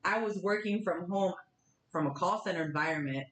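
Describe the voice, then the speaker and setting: A woman in her thirties hosting a podcast, telling stories in a chatty, animated way. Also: fairly low pitch, brisk, a little hiss or hum. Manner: chatty, animated storytelling with laughs. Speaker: podcast host. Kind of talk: casual chat. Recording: roomy, echoey sound.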